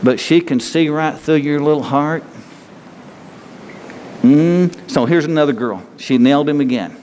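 A man's voice: fairly high pitch, unhurried, darkish tone, big-room sound, a little hiss or hum. A man preaching a sermon to his congregation in a folksy, joking manner, talking straight to the people in front of him. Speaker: pastor.

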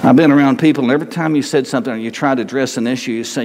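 A man's voice: mid-range voice, racing, hardly any pauses, a little mellow. Emphatic older male pastor, echoing hall. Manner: emphatic, repetitive, rhetorical questions to congregation. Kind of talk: sermon. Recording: long reverb of a large hall.

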